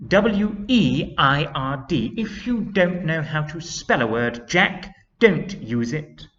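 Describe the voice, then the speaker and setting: A man voicing a firm, mysterious young woman teacher with a quiet but theatrical delivery, on a dull lo-fi recording. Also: mid-range voice, very animated, measured pace, voice pushed up. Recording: dull lo-fi sound.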